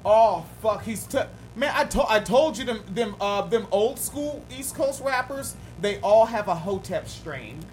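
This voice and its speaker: A man's voice: sits high, expressive, measured pace, hardly any pauses, faint music behind. A man co-hosting a talk podcast in casual, profane, joking banter. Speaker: podcast co-host. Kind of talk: casual chat.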